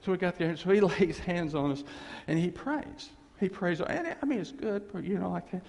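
A man's voice: high-pitched, normal speed, gravelly, a little mellow. A middle-aged man preaching as pastor, telling rambling, folksy stories with laughing asides, in a church sanctuary. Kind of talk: storytelling sermon. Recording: long reverb of a church hall.

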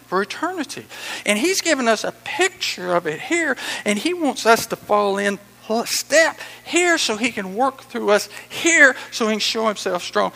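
A male pastor preaching a sermon in a church, emphatic and animated, sometimes breaking into excited shouts. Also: high voice, vocal fry, long reverb tail, rough recording.

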